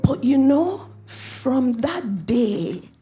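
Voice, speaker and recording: An animated woman from Africa delivers a sermon to her congregation. Her voice sits slightly high, and she slips into playful asides and acted-out quotes as she goes. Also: very slow, soft background music. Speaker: preacher.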